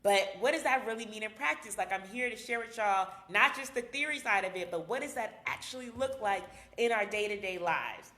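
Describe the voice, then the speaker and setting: A woman psychologist talks straight to her live-stream viewers in a candid, slangy way, often laughing. Her voice is bright and forceful. The sound rings with the echo of a reverberant room. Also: medium pitch, lively intonation, brisk, hardly any pauses. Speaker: psychologist host.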